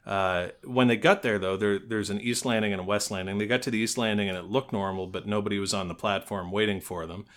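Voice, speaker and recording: A man's voice: fairly low pitch, steady tone, quick pace, hardly any pauses, fairly bright tone. A man co-hosting a podcast, chatting casually in a nasal voice, rambling through a story, swearing and laughing at himself. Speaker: podcast co-host. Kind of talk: casual chat.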